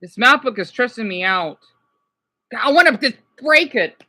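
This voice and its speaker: Woman vlogger, high lively voice, restless swearing rant. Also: moderate pace. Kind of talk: ranting casual vlog.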